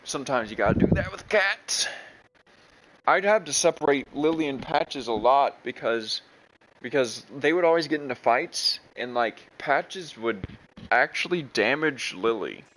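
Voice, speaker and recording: A man's voice: mid-range voice, lively intonation, a little slow, a bit bright, poor audio. A young man chatting casually while playing a video game, rambling with many restarts. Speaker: gaming streamer.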